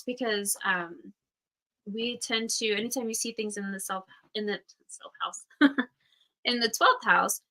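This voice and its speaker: A woman in her thirties from Utah, United States chats her way through a casual astrology class on a livestream, candid and swearing, putting on voices for quotes. Her medium-pitched voice sounds pushed and bright, and the recording is low quality.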